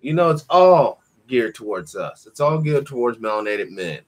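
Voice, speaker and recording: A man hosting a call-in talk show, chatting casually and acting out quotes in animated, profane stories. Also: medium pitch, moderate pace. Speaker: podcast host. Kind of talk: casual chat.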